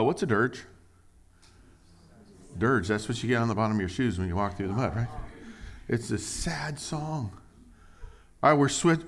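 A pastor preaches an animated sermon, alternating loud, emphatic bursts with quiet, low asides. He acts out the voices of the people he quotes.

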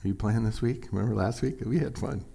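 Guy pastor preaching, jokey, goes quiet then suddenly loud and high. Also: quick pace, vocal fry, breathy edge. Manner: animated, jokey, swings from quiet asides to loud high exclaims. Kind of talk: sermon.

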